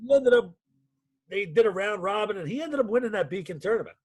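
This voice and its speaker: A man's voice: sits high, lively intonation, fast, husky. A man, a youth wrestling coach, recalling past matches in an earnest, reflective way. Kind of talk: casual podcast interview.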